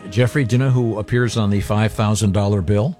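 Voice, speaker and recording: A man co-hosting a morning radio show, talking in a wry, halting way with many fillers and chuckles. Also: on the low side, steady tone, darkish tone, soft background music. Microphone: studio microphone.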